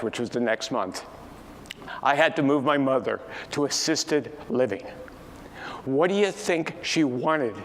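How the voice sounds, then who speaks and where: A man in his sixties giving a keynote talk, telling a family story with lively acted-out dialogue. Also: medium pitch, a little hiss or hum. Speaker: keynote speaker. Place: large conference hall. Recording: distant echoey hall with faint ambience.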